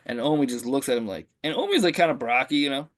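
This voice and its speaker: A man's voice: mid-range voice, expressive, fast. A man co-hosting a podcast, telling stories in casual slangy chat and laughing all the way through. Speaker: podcast co-host.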